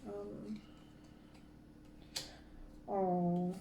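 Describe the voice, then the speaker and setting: A woman's voice: medium pitch, flat delivery, extremely slow, roomy sound, muffled recording, a little hiss or hum. A woman giving a casual tarot card reading, talking in a rambling way with many fillers and restarts. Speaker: tarot reader.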